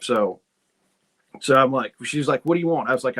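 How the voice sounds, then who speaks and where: A man chats loosely to his viewers and wanders from one story to the next. He acts out little dialogues in his own voice, and his pitch sits right in the middle. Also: moderate pace, fairly bright tone. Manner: folksy, rambling storyteller who acts out dialogue. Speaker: host. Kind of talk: casual livestream chat reading viewer comments.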